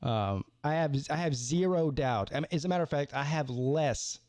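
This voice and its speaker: A man's voice: a little high, lively intonation, moderate pace, a little mellow, no echo. A man hosting a live sports call-in stream, rambling casually with stammered restarts and repeated words.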